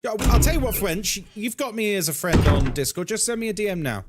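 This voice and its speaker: A man's voice: high voice, expressive, fairly quick, loud music behind the voice. A man streaming a horror game, chatting casually and greeting viewers by name as he plays. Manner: chatty, greets chat viewers by name between gameplay remarks. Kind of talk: casual live-stream commentary. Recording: clear background noise.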